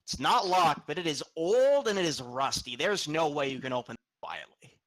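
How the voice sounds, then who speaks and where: Game master, male, bright and a touch high, descriptive scene-setter who restarts sentences. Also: big pitch swings, normal speed, poor audio. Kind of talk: narrating a tabletop game.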